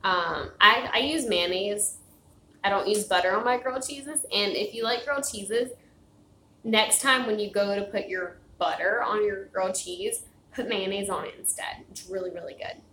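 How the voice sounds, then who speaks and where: A woman's voice: medium pitch, moderate pace, sharp tone. Chatty woman livestreaming from home. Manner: chatty, rambling, laughs often. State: tired, getting out of breath. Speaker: livestream host. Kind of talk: casual livestream chat. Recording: echoey room with faint noise.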